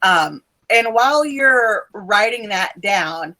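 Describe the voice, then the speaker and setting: A woman narrating a tabletop role-playing game as game master, playful and quick to laugh. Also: mid-range voice, expressive, bright, forceful tone, poor audio.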